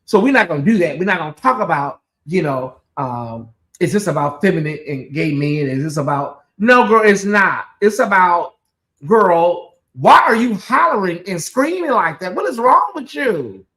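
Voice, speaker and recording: A channel host doing live reaction commentary with a sassy, gossipy way of talking, calling viewers "girl" and "honey" and swinging between loud exclaims and low asides. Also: expressive, moderate pace.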